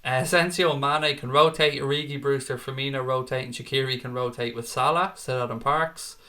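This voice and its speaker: A man's voice: mid-range voice, steady tone, a little fast, pushed and bright. An Irish man hosting a fan channel, chatting casually and rambling through viewer comments with self-deprecating asides. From Ireland. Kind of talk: casual live-chat commentary.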